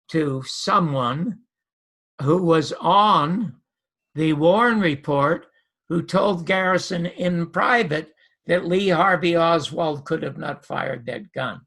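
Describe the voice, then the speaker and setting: A man's voice: a little high, creaky. An older man, a former comedian and TV host, telling stories in an interview and acting out the dialogue. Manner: lively anecdotal storyteller, acts out dialogue. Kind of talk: animated storytelling interview.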